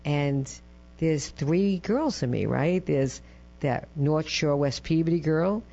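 Middle-aged woman, chatty interview guest, lively storyteller, muffled lo-fi sound. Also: sits low, slow pace. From Massachusetts. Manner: lively storyteller, acts out quotes, ends phrases with "right?". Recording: dull lo-fi with mains hum.

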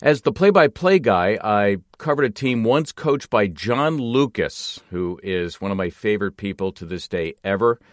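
An older man, a longtime TV basketball play-by-play voice, reminiscing in a relaxed, self-deprecating way. His voice sits low. The recording is close and dry, with no room sound. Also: normal speed, few pauses, no room sound. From Northeast Philadelphia, US. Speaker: TV play-by-play announcer. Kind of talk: personal storytelling monologue.

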